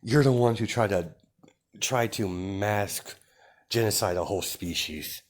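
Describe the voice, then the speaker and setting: A man voicing an ancient vampire queen and mother, speaking calmly and scornfully in a fan-made story. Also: fairly low pitch, measured pace, lightly acted. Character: cold, mocking vampire queen mother, woman.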